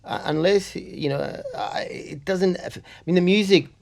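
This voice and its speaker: A middle-aged man, a comedian co-hosting a casual chat, joking deadpan with many stammered restarts. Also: sits high, unhurried, gravelly. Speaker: comedian podcast host.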